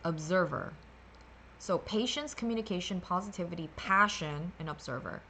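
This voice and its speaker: A woman's voice: on the low side, normal speed, sharp tone, slight background noise. A woman hosting a meditation livestream, talking casually and sassily through a card reading, rambling with playful filler sounds.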